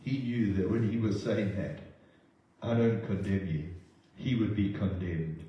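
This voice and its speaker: A man's voice: on the low side, measured pace, highs cut off. A man preaching a sermon in an earnest, emotional way, often restarting his words. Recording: roomy distant sound.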